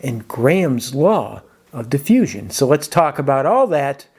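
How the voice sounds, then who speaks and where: A squeaky, helium-pitched teacher , as a man talks after breathing from a balloon. The tone is playful and chatty while he explains gas science. The pitch rides at an ordinary level for the squeaky voice. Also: big pitch swings, measured pace, noisy background. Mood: explaining. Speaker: chemistry teacher. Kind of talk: jokey lesson intro.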